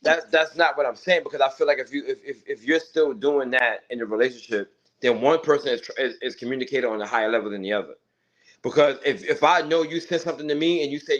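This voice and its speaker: Male host, insistent debater, restarts a lot, mid pitch. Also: fast, a bit bright, lo-fi sound. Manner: insistent, repeats words while arguing. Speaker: podcast host. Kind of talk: casual debate.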